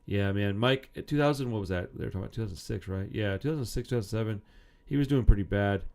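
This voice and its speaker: A man's voice: fairly low pitch, fast, vocal fry, a little mellow. A man in his thirties giving casual, rambling commentary, reading out quotes from a magazine article with frequent swearing. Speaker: punk music video host.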